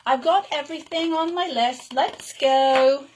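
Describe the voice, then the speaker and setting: A woman's voice: high-pitched, measured pace, a little mellow, voice pushed up. A woman voicing a cheerful, oblivious woman shopper in a read-aloud storybook, chirpy and unbothered. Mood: breezy.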